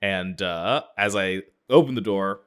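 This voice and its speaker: A man describes his character's actions in a casual tabletop game. He speaks in a somewhat low voice, loosely and hesitantly, stopping to find words. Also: measured pace, smooth. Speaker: player.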